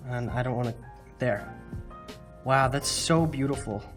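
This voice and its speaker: A man's voice: mid-range voice, unhurried, soft background music. Man for a chatty art tutorial, self-deprecating, loose and rambling, fillers throughout. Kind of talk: casual drawing tutorial.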